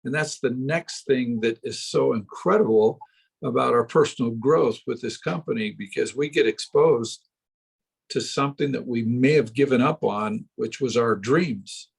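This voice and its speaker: A man joining an interview panel, speaking in a measured, reflective way. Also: mid-range voice, gravelly, husky, poor audio. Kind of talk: panel discussion.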